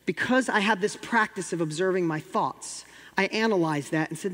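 A man's voice: high-pitched, moderate pace, a bit bright, long reverb tail. A middle-aged man from New York with a New York accent, telling a motivational story as a guest and acting out the dialogue with rising intensity.

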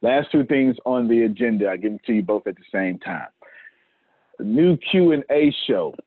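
A man's voice: mid-range voice, expressive, normal speed, no echo. A man hosting a casual business team meeting, joking and laughing as he gives out tasks. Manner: laughing, joking, repeats himself. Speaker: host leading a team meeting. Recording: tinny phone-like line.

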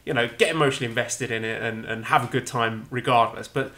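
A man's voice: medium pitch, fast, sharp tone. An English man co-hosting a podcast in casual chat, chatty and self-deprecating, restarting his sentences often. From England. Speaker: podcast co-host.

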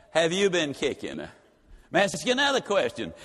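A man's voice: fairly high pitch, wildly swooping pitch, fairly quick, fairly bright tone, breathy edge. A man giving a motivational speech, telling a story in a folksy, emphatic way with repeated refrains. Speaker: motivational speaker. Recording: reverberant hall.

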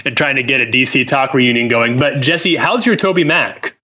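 A man's voice: mid-range voice, moderate pace, pushed and bright. A man co-hosting a podcast, teasing the others in casual chat. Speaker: podcast co-host.

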